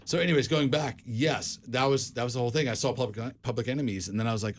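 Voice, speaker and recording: A man's voice: mid-range voice, fast, few pauses. A man in casual podcast chat, rambling through stories with lots of "like" and "dude" and frequent restarts. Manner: rambling storyteller, many restarts, says "dude" and "like". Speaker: podcast co-host.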